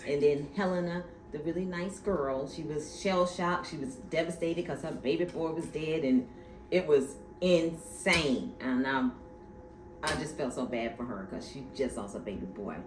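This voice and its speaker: A woman hosting a casual TV recap chat, telling the story in an animated, gossipy way. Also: low-pitched, normal speed, over music. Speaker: podcast host. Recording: echoey room with faint noise.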